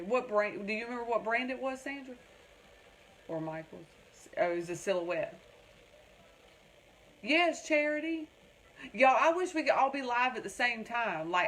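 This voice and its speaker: A woman's voice: mid-range voice, fairly bright tone, slight background noise. A woman hosting a casual craft livestream, rambling and chatting with viewers in the comments.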